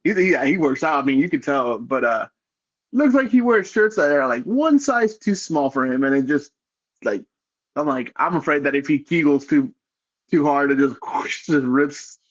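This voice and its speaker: A man's voice: on the high side, expressive, moderate pace, highs cut off. A man co-hosting a podcast, joking and laughing often while chiming in during casual chat. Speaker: podcast co-host.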